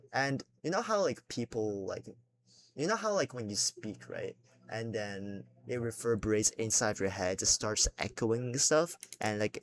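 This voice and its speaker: A young man chatting casually while he draws, rambling with lots of fillers and swearing, a little self-conscious. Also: mid-range voice. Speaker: drawing vlogger. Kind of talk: casual unscripted talk while drawing.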